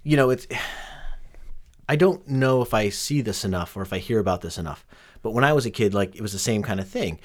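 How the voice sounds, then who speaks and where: A man's voice: fairly low pitch, expressive, fairly quick. Joking, enthusiastic man in casual chat. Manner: enthusiastic, joking, does silly voices. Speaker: podcast co-host. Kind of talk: casual chat about music.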